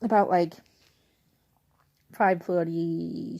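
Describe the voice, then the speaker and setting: Young woman rambling thru a story at home late at night, kinda low mellow voice. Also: unhurried. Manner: rambling, chatty, lots of "like". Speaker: vlogger. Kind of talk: casual storytelling to camera. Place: at home in her bedroom, at night.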